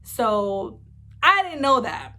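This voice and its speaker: A woman's voice: on the high side, sing-song, takes it slowly, pushed and bright. A young woman telling a personal story in a casual storytime vlog, chatty, swearing freely and filling her speech with "like". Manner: chatty, swears freely, many filler words. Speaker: vlogger.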